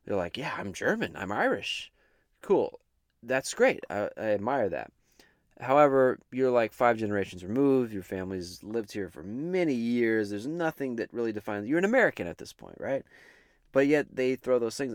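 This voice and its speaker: A man's voice: medium pitch, dry recording. Guy just chatting casually, rambly and jokey, keeps restarting, dead dry room. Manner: rambling, self-interrupting, jokey. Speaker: host. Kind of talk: casual chat.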